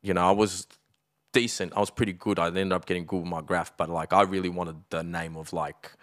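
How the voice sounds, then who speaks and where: Deep-voiced Australian man, streetwise storyteller. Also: level tone, fairly quick, no echo, clean studio sound. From Melbourne, Australia. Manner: streetwise, swears freely, leans on "like" and "you know". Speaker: podcast guest. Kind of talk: casual storytelling chat.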